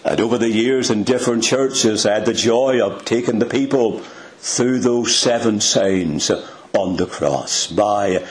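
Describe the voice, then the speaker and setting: An older man preaching a sermon, slow and emphatic, dropping to hushed tones for effect. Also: lowish voice.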